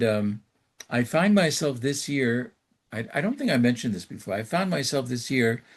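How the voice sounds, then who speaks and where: Gravelly-voiced rabbi, chatty storyteller. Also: male voice, medium pitch. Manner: conversational storytelling with frequent fillers; reflective, rhetorical questions. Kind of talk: informal Torah class.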